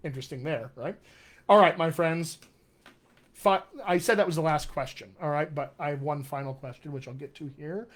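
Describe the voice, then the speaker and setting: A dialect coach with a loud, booming voice and a General American accent touched by West Texas and upstate New York reads viewer comments aloud on a live stream and answers them warmly. He is articulate and speaks at a normal speed through a webcam or computer mic.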